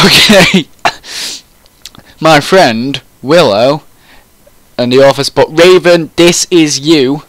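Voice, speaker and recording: A man's voice: mid-range voice, fairly bright tone, no echo. A man reading a fan story aloud in a comic, mock-serious way, often breaking into laughter.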